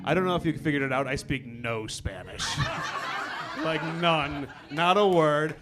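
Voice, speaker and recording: Slow-talking stand-up comedian, a man. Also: on the high side, noisy background. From Chicago. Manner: deadpan delivery of mock foreign gibberish. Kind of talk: stand-up set. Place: comedy club stage.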